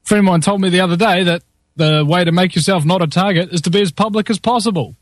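A man's voice: high voice, fast, no echo, clean studio sound. A man with a New Zealand accent hosting a talk show, joking and sarcastic in casual chat. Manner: jokey, sarcastic, often laughing.

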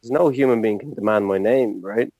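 A man with a fairly low voice tells stories in a lively, casual way. He laughs often and acts out the people in his stories. The sound is close and dry, with no room echo. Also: a little fast. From Ireland. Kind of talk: casual conversation.

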